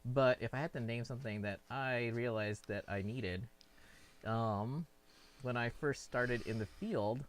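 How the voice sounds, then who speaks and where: A man co-hosting a casual podcast, chatty, with quick short reactions. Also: medium pitch.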